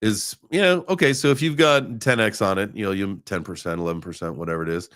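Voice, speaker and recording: On his crypto livestream, a host with a lowish, somewhat bright voice talks quickly about the market in a casual way. Sarcastic jokes and greetings to chat viewers by name mix with rambling, filler-heavy readings of the charts.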